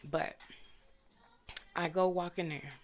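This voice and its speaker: Taking it slowly in a low, fairly even voice, a young adult vlogger tells a frustrating story of her own, bluntly and profanely, firing off indignant rhetorical questions. Soft music plays in the background.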